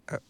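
A young man speaking in an intimate audio role-play, breathy and sighing, soft and affectionate toward the listener. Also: no echo.

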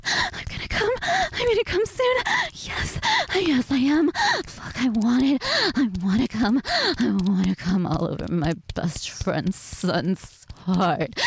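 A woman's voice: creaky, a little hiss or hum. Breathless, moaning woman in adult audio role-play. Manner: moaning, breathless, shifts from low purr to high cries. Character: married older woman, lustful and brazen.

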